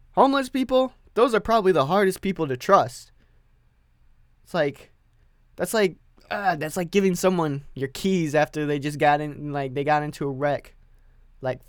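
Alone on the mic with no script, a podcast host rambles and rants in a crude, profane way, now and then erupting loudly. His pitch stays in an ordinary middle range. There's no room reverb at all; the audio is completely dry.

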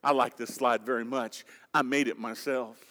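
A man's voice: medium pitch, fairly even intonation, normal speed, sharp tone. A man preaching a sermon as pastor, quoting scripture and asking the congregation direct questions with emphatic delivery. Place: church sanctuary. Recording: long hall reverb.

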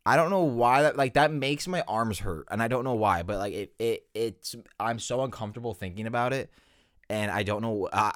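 A man's voice: fairly low pitch, dry recording, clean studio sound. Rambling young man ranting on a podcast. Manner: rambling, animated, filler-heavy. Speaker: podcast host. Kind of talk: casual solo podcast rant.

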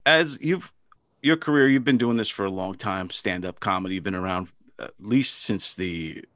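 A man interviewing a comedian, asking halting, rephrased questions. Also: on the low side, fairly bright tone, dry recording, studio quality.

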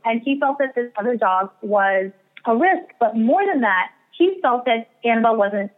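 Woman guest telling a rambling story, slightly high voice, phone-thin sound. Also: expressive, moderate pace. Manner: chatty, rambling, self-deprecating. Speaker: astrologer and psychic medium guest. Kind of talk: casual storytelling interview. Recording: tinny phone-like radio line.

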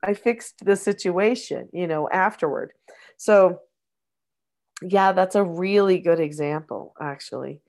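A woman's voice: on the low side, unhurried, darkish tone. A middle-aged woman, a mother, talking casually and reflectively about parenting, explaining her ideas with frequent restarts. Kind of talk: casual conversational advice.

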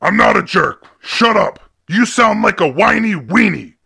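Man putting on a mean bully voice, high, raspy, insulting, taunting, comedy sketch. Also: expressive, measured pace, sharp tone, full character voice. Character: rude, mean-spirited adult bully guy.

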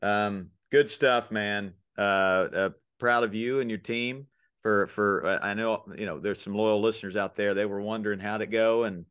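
A man hosting a podcast, encouraging and giving advice to parents and coaches in a relaxed chat. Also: fairly low pitch, moderate pace, clear, resonant tone, dry recording. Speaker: podcast host.

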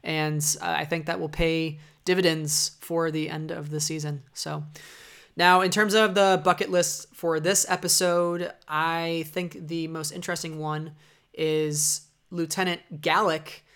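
Low-voiced enthusiastic woman podcast host. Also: little pitch movement, measured pace, fairly bright tone, clean tone. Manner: enthusiastic, laughs often. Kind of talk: casual chat.

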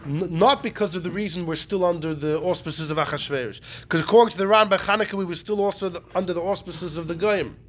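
A man teaching a Talmudic class, animated and repeating his key points. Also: sits high, fast talker, hardly any pauses. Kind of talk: Talmudic lecture.

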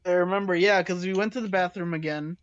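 A young woman tells a funny story in casual chat, giggling often and filling it with lots of fillers. Her lowish voice is fairly even in intonation and she talks fast, with the sound dull, lo-fi, dry, and free of echo.

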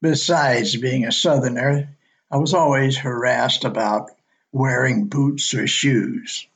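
An older man from Alabama with a slight Southern accent, slowly reading his own memories in a folksy storytelling way. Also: medium pitch, fairly even intonation, creaky, a bit bright, breathy edge. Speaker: listener sharing memories.

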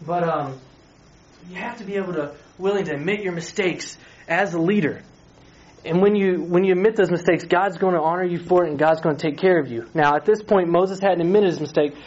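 A man's voice: a little high, brisk, a little mellow. A man, a youth pastor, retells a Bible story in a chatty, playful sermon and asks his listeners questions. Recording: slightly dull recording with faint hiss.

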